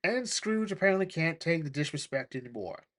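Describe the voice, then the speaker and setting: Male comics reviewer, casual and rambling, animated delivery, slightly raised pitch. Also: brisk. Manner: rambling, animated, sprinkles "like" and "all right?". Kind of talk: excited casual retelling of a comic.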